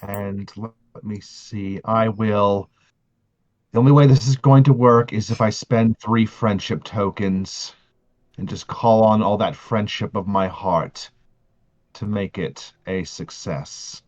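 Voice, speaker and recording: Man, low voice, very slow, earnest, halting, muffled lo-fi. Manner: earnest, halting, restarts often. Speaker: player. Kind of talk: in-character narration of a tabletop game.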